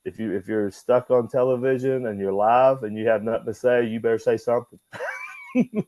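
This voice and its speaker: Animated man telling stories. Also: medium pitch, brisk, dry recording, low-quality recording. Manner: animated, profane, acts out dialogue with voices. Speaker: guest, former wrestler. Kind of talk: casual storytelling interview.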